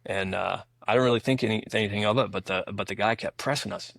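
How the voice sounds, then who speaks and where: Gravelly low-voiced man telling war stories. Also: fast, a bit bright, dry recording. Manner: rambling anecdotal storytelling with many restarts. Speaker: podcast guest, former Navy SEAL. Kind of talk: casual storytelling interview.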